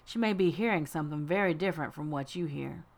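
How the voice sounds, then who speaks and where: A woman voicing a well-spoken male trickster rabbit with a smooth, unhurried Southern accent in an audiobook. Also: sits low. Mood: silky, persuasive. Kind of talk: audiobook character voice.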